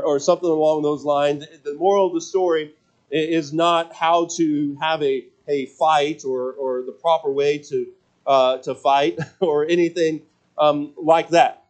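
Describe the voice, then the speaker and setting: Preacher, man in his forties, pitched high; self-mocking storyteller who gets earnest. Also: a little mellow. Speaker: pastor. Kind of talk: sermon.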